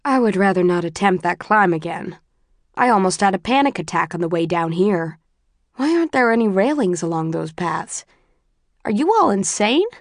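A woman's voice: medium pitch, animated, moderate pace, dry recording, natural voice. A fussy, anxious mother in an audiobook story, as a woman narrator puts her on. She is flustered and speaks in a raised, fretting voice. The recording is dry and close. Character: fussy anxious middle-aged mother of a young man.

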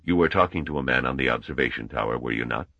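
A man voicing an old male scholar who speaks in a grave, measured way. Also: a bass voice, bright, forceful tone, dry recording, lo-fi sound, exaggerated voice. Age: older.

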